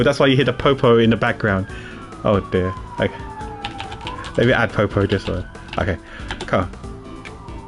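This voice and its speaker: A man's voice: medium pitch, normal speed. Chatty man streaming a game. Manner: chatty, self-mocking asides. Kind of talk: casual gameplay commentary. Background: faint game music.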